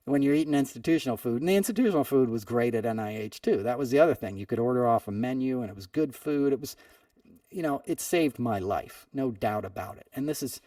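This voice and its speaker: A male podcast host tells a long personal story in a loose, conversational way, dotting his sentences with "you know" and "right?". The sound is dry and flat, and he sits a bit back from the mic. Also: mid-range voice, fast, dry recording, recorded from a distance. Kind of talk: storytelling monologue.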